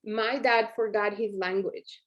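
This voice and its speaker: A woman's voice: medium pitch, fairly even intonation, measured pace, dull audio. A woman, hosting a live-streamed coaching workshop in a chatty, upbeat, encouraging way and talking straight to her viewers. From Colombia. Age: 40s. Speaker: workshop host.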